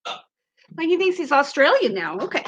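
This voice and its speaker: A woman's voice: sits high, very animated, normal speed, a bit bright, lo-fi sound. A chatty woman with an Ozarks accent who hosts a casual livestream, giggling often and reading viewer comments aloud into a webcam mic. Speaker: livestream host.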